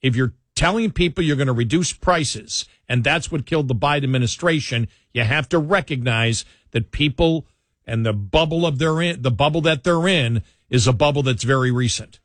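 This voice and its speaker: A man's voice: mid-range voice, moderate pace, a bit bright, dry recording, studio quality. A man co-hosting a political talk show, talking in an emphatic conversational way that repeats points and restarts sentences.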